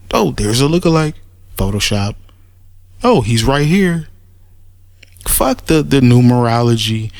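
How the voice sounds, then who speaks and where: A man with a gravelly, fry-edged voice rants in a casual response video, blunt and heavy on profanity. He restarts and repeats words when he gets worked up, and his delivery sounds dismissive throughout. The recording is dry and close, with no room sound. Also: medium pitch, dry recording. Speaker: commentator making a response video. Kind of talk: casual spoken rant.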